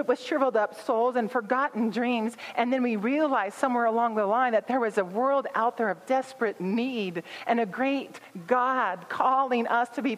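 A woman's voice: a little high, big-room sound, poor audio. A woman pastor giving an earnest sermon, building emphasis through repetition.

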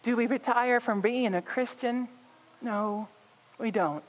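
A woman's voice: a little high, takes it slowly, in a large hall, low-quality recording. A woman pastor giving an earnest sermon, building emphasis through repetition.

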